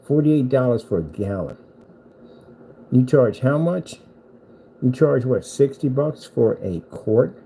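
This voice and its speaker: A man's voice: mid-range voice, expressive, takes it slowly, gravelly, pauses often, dark tone, a little hiss or hum, low-quality recording. A man delivering a boastful, taunting rant at a rival screen maker, repeating himself for emphasis. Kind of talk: trash-talking rant at a rival.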